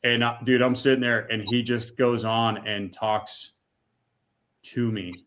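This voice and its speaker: A man's voice: mid-range voice, flat delivery, measured pace, fairly bright tone. A middle-aged man from the United States giving an emotional personal testimony, earnest and raw, repeating words when moved. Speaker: guest.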